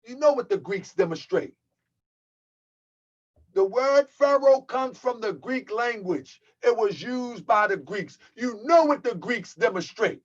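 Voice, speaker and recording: A man's voice: extremely high pitch, muffled recording. Heated mocking man on a livestream. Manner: heated, mocking, addresses viewers as family. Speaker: channel host. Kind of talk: livestream rant.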